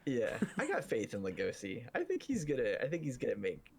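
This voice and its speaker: A man's voice: mid-range voice, huge pitch swings, fairly quick, gravelly, husky. A man hosting a podcast in casual chat, hedging and restarting his sentences. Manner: hesitant, hedging, repeats himself. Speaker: podcast host.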